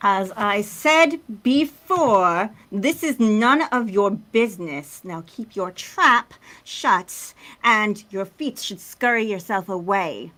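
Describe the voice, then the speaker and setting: A woman voicing a bold female duelist in a tabletop game, speaking loudly and threateningly. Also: mid-range voice, animated, slow pace, hardly any pauses. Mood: menacing.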